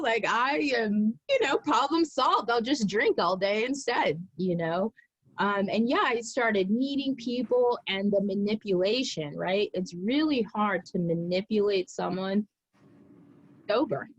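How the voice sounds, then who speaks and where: A woman's voice: mid-range voice, expressive, takes it slowly, breathy edge, poor audio. A woman guest telling her own story candidly and animatedly, acting out her past self.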